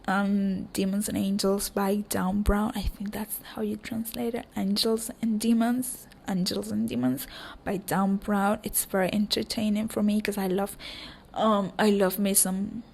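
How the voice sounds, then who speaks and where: Hoarse young woman, creaky rambling podcaster. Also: medium pitch, level tone, unhurried. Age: young adult. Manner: rambling, warm affirmations, frequent ums. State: hoarse, voice cracking. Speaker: podcast host. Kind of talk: casual solo podcast chat.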